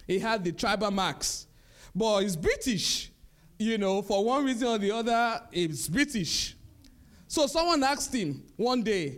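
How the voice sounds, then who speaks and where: High-voiced, lively preaching man. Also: unhurried. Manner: animated preaching with chuckles and repetition. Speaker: pastor. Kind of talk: sermon.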